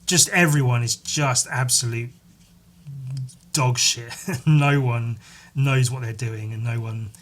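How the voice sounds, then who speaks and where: A man rambles casually on his solo podcast, swearing freely and filling gaps with "like" and "um." His voice is medium-pitched with a fairly bright tone.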